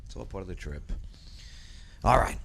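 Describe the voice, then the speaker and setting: A male talk show host with an animated, lively voice that swings up and down. He jokes around with his guests and keeps the chat loose and casual, even talking through a mouthful. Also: low voice, moderate pace, creaky, background noise. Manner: lively, joking, talks with mouth full.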